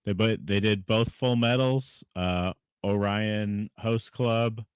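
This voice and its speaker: A man's voice: lowish voice, fairly even intonation, takes it slowly, clear, resonant tone, dry recording. A man co-hosting a casual podcast chat, asking questions with dry, wry remarks. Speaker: podcast co-host.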